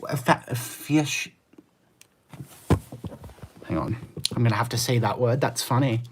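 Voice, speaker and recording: A live streamer chatting with viewers and arguing back at their messages in fast rants full of "like", laughing often. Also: medium pitch, noisy background. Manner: argumentative, fast rants with many "like" fillers; laughs often, easily amused.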